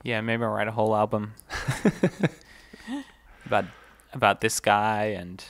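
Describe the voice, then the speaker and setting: A man's voice: fairly low pitch, takes it slowly. A man co-hosting a podcast, chatting casually about music and explaining ideas with lots of fillers. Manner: relaxed, filler-heavy, explains music theory. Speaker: podcast co-host.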